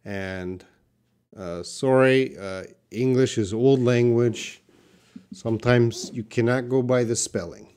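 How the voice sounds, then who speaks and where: A man teaching English on a live stream, slowly answering viewers' questions one by one. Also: mid-range voice, steady tone, darkish tone, smooth. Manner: slow, patient, reads out viewer questions. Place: classroom with a whiteboard.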